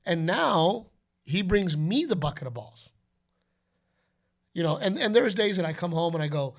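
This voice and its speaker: A man's voice: sits high, slow pace, long pauses. A middle-aged man hosting a podcast, telling stories in casual chat and acting out quotes and announcer calls. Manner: animated storytelling, acts out quotes and announcer calls. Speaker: podcast host.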